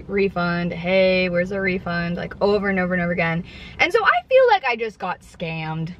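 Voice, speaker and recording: A woman vlogger chatting from her car, retelling a frustrating customer service story in an exasperated, animated way with quoted dialogue. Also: mid-range voice, lo-fi sound, a little hiss or hum. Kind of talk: casual storytime chat. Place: parked car. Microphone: camera mounted in car.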